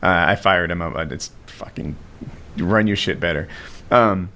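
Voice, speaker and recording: A man, co-hosting a podcast and telling stories in a lively way with plenty of swearing. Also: low voice, a little slow. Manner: animated storyteller, swears. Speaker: podcast co-host. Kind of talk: casual chat.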